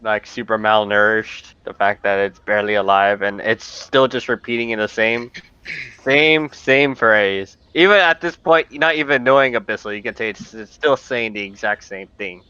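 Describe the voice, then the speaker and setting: A man in the dungeon master's seat with a bright, crisp voice that halts and restarts as he narrates. The recording is dry and a little dull. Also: on the low side, no echo. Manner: loose, halting narration with fillers. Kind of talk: narrating a tabletop game online.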